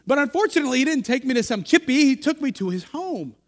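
A man's voice: very high voice, big pitch swings, fast. A male pastor from the United States telling a chatty, self-deprecating story in a sermon, full of restarts and asides to the congregation. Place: church sanctuary. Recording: long hall reverb.

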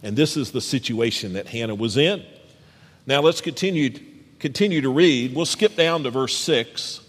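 A man preaching a sermon as pastor. He reads scripture aloud and speaks straight to the congregation in an animated way. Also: mid-range voice, moderate pace. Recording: long hall reverb.

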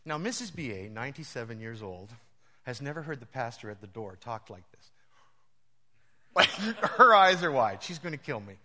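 A male pastor preaching a storytelling sermon, animated and often laughing as he tells his stories. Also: medium pitch. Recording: long reverb of a large hall.

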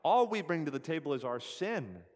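A man's voice: a little high, sing-song, normal speed, a little mellow, in a large hall. A man preaching a sermon as pastor, earnest and emphatic, rising on scripture and repeating key phrases to drive them home. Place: church sanctuary.

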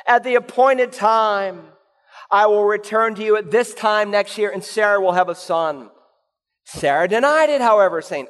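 A man preaching a sermon as pastor, animated and sometimes acting out the voices of people in his stories. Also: high voice, normal speed. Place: church sanctuary. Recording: long hall reverb.

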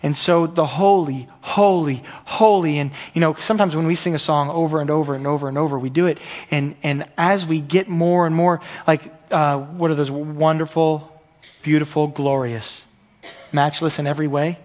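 A man's voice: on the high side, fairly even intonation, moderate pace, a little mellow. A man preaching a sermon as pastor, earnest and repetitive, building in intensity at the peaks.

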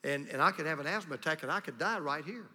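A man's voice: fairly high pitch, fast, pushed and bright, long reverb tail, pitched below the performer's own voice. A man voicing a drunk driver who stammers through excuses. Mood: sheepish. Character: male drunk driver dodging police tests.

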